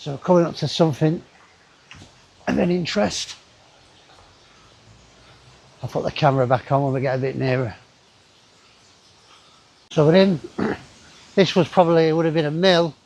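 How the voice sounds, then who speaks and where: Man, slightly high voice, gravelly fry, rambling travel commentary outdoors. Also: normal speed, pauses often, darkish tone. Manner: chatty, rambling asides to himself. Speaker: travel vlogger. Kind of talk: casual walking commentary. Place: outdoors in a wooded river gorge.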